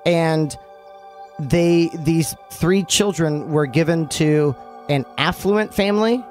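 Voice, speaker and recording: Guy on a podcast rambling through a story, kinda high voice, uh's and um's everywhere, faint music under it. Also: slow. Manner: relaxed, full of fillers and asides. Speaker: podcast host. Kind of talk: casual storytelling chat.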